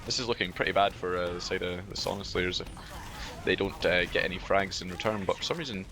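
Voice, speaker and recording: A man with a Scottish accent casting a live esports match, relaxed and full of fillers. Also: low-pitched, fast talker, slight background noise. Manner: relaxed, filler-heavy play-by-play with banter. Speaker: esports caster. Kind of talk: live game commentary.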